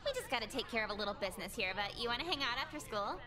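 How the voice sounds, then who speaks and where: A woman playing a bossy teen ringleader, bright and high. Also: sing-song, very fast, crowd noise. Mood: chatty. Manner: snappy, commanding. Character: bossy scheming teen girl gang leader. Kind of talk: game character voice acting.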